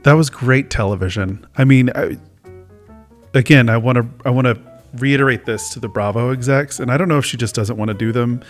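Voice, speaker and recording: A man's voice: medium pitch, fairly quick, soft background music. A man hosting his own casual talk show, rambling and joking at his own expense. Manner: rambling, self-mocking, chatty. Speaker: host. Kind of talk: casual chat.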